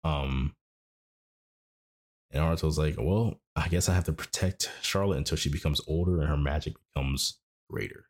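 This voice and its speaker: Man, very low voice, casual anime recap, rambling, self-correcting. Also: moderate pace, darkish tone. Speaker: anime podcast host.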